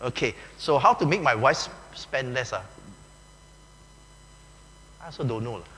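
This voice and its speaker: A man with a Malaysian English accent preaches in a loose, joking, conversational way, peppering his talk with "okay" and "lah". His tone is bright and forceful. The sound carries a long echo from a large church hall, with a faint hum underneath. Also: medium pitch, expressive, moderate pace. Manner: chatty and joking, often says "okay", uses "lah" and "ah". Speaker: pastor. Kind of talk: conversational sermon.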